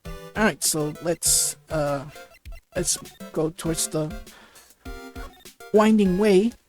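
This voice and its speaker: A woman's voice: fairly low pitch, takes it slowly, a little mellow, soft background music. A woman giving casual game commentary, hesitant with fillers and restarts. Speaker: let's play host.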